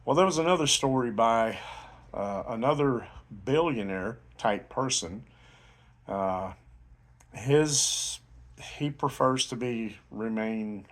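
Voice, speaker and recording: A man giving a casual motivational sales talk, telling a long story in a rambling way with many fillers and restarts. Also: lowish voice. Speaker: network marketing promoter.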